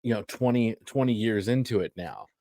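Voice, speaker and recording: A man co-hosting a casual podcast, deadpan and loose with swearing. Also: fairly low pitch, a little fast. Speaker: podcast co-host. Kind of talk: casual chat.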